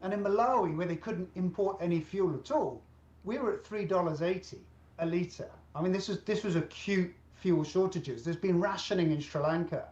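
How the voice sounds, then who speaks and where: A man's voice: high-pitched, normal speed, darkish tone. A man analyst explaining fuel prices and interest rates in an interview, with some fillers. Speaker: economic analyst. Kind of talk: interview answer. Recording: roomy, dull remote audio.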